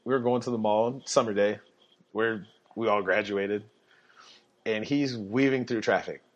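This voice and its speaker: A young man telling personal stories casually on a podcast, animated, often laughing and acting out the people in them. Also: lowish voice, a little slow. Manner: animated, laughs through his stories, acts out quotes. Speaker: podcast guest storyteller. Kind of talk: casual storytelling. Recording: dull lo-fi podcast audio.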